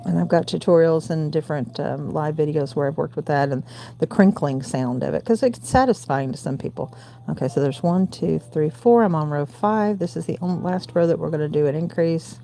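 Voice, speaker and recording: A woman in her forties with a gravelly voice and a Southern US accent, hosting a late-night crochet livestream from home and counting stitches aloud between chatty asides. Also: low voice, fairly quick, mellow, a little hiss or hum. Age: 40s. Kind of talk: casual crochet tutorial chat.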